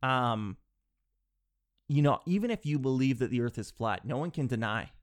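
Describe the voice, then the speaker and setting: A man with a cold, sniffling as he rambles through an animated, digressive comic monologue from his home office. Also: mid-range voice, normal speed. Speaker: vlogger.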